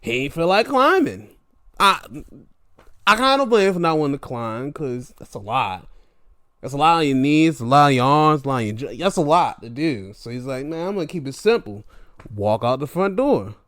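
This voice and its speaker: Animated high-voiced man ranting casually. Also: normal speed, clean tone, no echo, clean studio sound. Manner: animated, profane, exasperated rants. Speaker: show host reviewing wrestling. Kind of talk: casual solo commentary.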